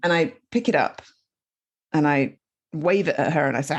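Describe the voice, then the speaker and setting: A woman guest on a podcast, a storytelling coach explaining her ideas in casual, animated conversation. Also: low voice, normal speed. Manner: animated, explaining with many asides.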